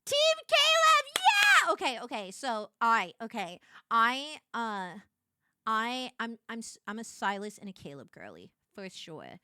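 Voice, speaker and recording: A young adult woman streamer chatting casually with her viewers, animated and laughing, prone to excited shrieks. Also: medium pitch, a little slow, smooth.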